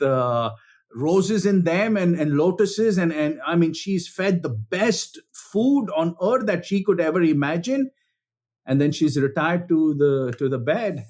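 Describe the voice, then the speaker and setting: Husky man, high pitch, slow, calls you friends while telling a story. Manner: animated, repeats words, addresses listeners as friends. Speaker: spiritual speaker. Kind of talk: storytelling talk.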